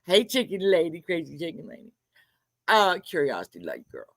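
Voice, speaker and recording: A woman's voice: on the low side, huge pitch swings, fairly quick, vocal fry, no room sound. A middle-aged woman hosting a casual livestream from her carport, chatting, greeting viewers and ranting with frequent swearing. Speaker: livestream host. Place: home carport.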